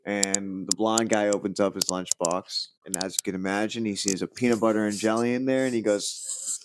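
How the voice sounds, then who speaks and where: Rambling, low-voiced man telling jokes. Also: fairly even intonation, normal speed, no room sound. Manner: rambling joke-telling with many fillers and restarts; puts on higher voices for joke characters. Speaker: podcast host. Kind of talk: casual chat.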